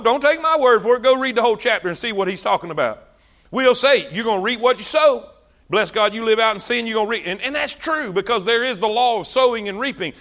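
A man preaching a sermon, animated, drawing out words for emphasis. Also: sits high.

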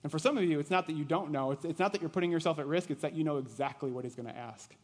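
A man preaching a sermon in a conversational way, asking his listeners questions and dropping to a quiet intensity on key points. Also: a little high, rapid-fire. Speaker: pastor. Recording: long reverb of a large hall.

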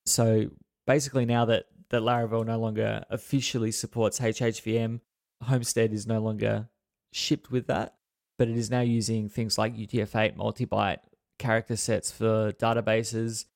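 Australian man, gravelly low voice, dry close mic, relaxed tech podcast co-host. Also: moderate pace, no echo. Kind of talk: casual tech podcast chat.

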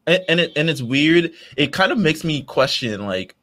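A man co-hosting a casual fan podcast, laid-back and quick to laugh as he retells scenes. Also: on the high side, expressive, a bit bright. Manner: laid-back, laughs often, acts out characters' lines. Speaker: podcast co-host.

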